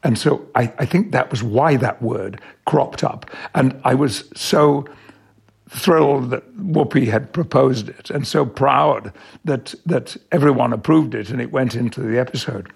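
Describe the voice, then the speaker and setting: An older man with an English accent, an actor answering interview questions in a measured, emphatic way. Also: mid-range voice, vocal fry, slightly rough. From England. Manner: measured, warmly emphatic, slows on key words. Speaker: guest, actor.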